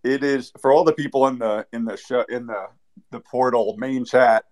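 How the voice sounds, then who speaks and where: A man's voice: medium pitch, steady tone, moderate pace, darkish tone. A man speaking as a guest on a live show, rambling and joking, often trailing off. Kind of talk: casual chat.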